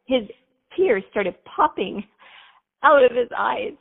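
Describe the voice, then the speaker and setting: Earnest woman with a gravelly voice. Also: on the high side, animated, slow, long reverb tail. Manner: earnest, faith-focused, chatty with fillers. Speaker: podcast guest. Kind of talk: heartfelt personal storytelling. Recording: tinny phone-like line.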